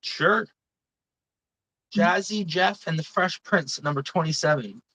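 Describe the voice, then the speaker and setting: A woman's voice: on the low side, a little slow, a bit bright, dry recording, rough recording. A woman hosting a live stream, chatting casually and swearing a lot as she gives blunt, indignant opinions.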